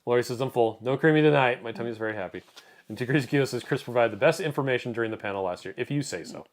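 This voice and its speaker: A man's voice: mid-range voice, quick pace. A man co-hosting a live stream, casually reading out viewer comments and joking along. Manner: reads comments aloud, joking and chatty.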